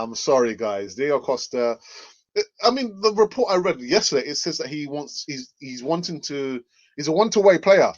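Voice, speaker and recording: A man hosting a casual football news show, who laughs often and repeats himself, heard through muffled lo-fi audio. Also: a little high. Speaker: fan channel host.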